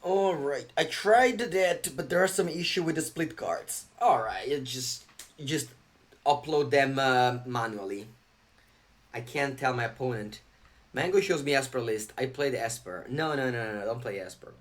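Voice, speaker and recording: A man's voice: mid-range voice, animated, normal speed. A young man chatting live on a game stream, reading viewer chat aloud and answering it.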